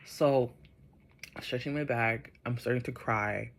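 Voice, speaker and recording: A man vlogging casually, telling a personal spiritual story in a chatty, rambling way with many fillers, turning soft and reflective. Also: medium pitch, slow, gravelly.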